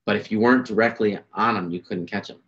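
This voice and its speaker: A man telling fishing stories in a casual podcast chat, animated and full of fillers. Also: on the low side. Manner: animated, fast storytelling with fillers. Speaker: podcast guest, bass angler. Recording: dull lo-fi sound.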